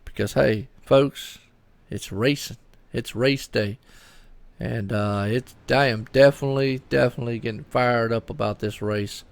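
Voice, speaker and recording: A man's voice: medium pitch, fairly even intonation, a little slow, vocal fry, dry recording. A man commentating a live sim race on his own, chatty and rambling, repeating his words in a folksy, upbeat way.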